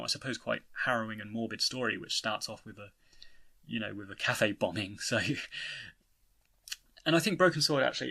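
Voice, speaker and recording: British man, gravelly, bright tone, rambling game review, lots of fillers. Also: medium pitch. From Britain. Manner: rambling, frequent "you know" and restarts. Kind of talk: casual spoken video essay.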